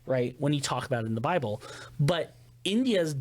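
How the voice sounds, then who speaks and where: A man's voice: a little high, animated, normal speed, a little mellow. A man co-hosting a podcast, chatting casually and telling stories with quoted voices. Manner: chatty storyteller, quotes people in put-on voices. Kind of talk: casual chat.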